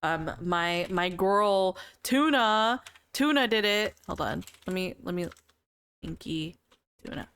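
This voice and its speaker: A woman's voice: fairly low pitch, animated, slow, a bit bright, clear, resonant tone. A young woman livestreamer chatting casually with her viewers, giggling often and repeating words as she talks. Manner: giggly, laughs often between sentences. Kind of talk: casual chat with stream viewers.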